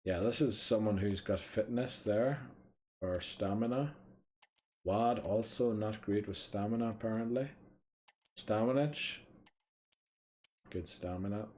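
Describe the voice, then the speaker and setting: Low-voiced man muttering through a football game. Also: measured pace, pauses often. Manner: mutters to himself, mild swearing, thinking aloud. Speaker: gaming streamer. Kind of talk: casual gameplay commentary.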